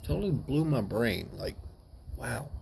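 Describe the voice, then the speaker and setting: A man telling a personal story in a candid, wry, unhurried way. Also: medium pitch, big pitch swings, creaky, noisy background.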